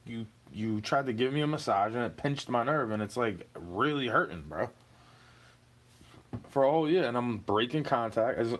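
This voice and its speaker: A young man in an aggrieved, profane rant to camera, talking straight at someone who wronged him. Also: mid-range voice. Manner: aggrieved, profane, repeatedly says "bro". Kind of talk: ranting monologue to camera.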